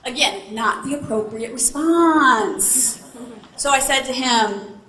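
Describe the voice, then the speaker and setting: A woman delivers a motivational keynote in a high, bright voice. She takes her time and tells her story theatrically, with playful asides to the audience. Her words echo through a large hall over a faint hum of ambience. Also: slow, pauses often.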